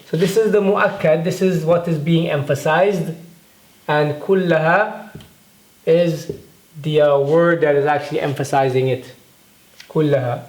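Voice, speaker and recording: A man's voice: on the high side, a little mellow. A man teaching a grammar lesson in a patient way, often repeating words and checking in with "okay?". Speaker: Arabic teacher. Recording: echoey room.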